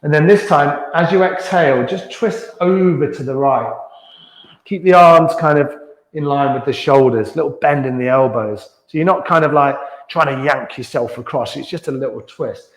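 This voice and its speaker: A man teaching a gentle beginners yoga class, calmly cueing breaths and movements and chuckling now and then. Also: on the high side, normal speed. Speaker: yoga instructor. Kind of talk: guided yoga class instruction. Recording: echoey room.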